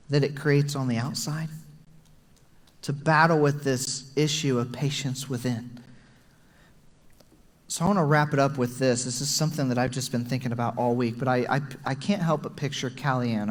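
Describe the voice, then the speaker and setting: Young male pastor, slightly high voice, heartfelt sermon delivery, big church hall with long reverb. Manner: earnest and personal, gets emotional.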